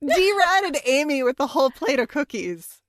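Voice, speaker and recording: A woman co-hosting a podcast in casual chat, animated and laughing often. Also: high voice, no room sound, studio quality. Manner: animated, laughing, quick asides. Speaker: podcast co-host.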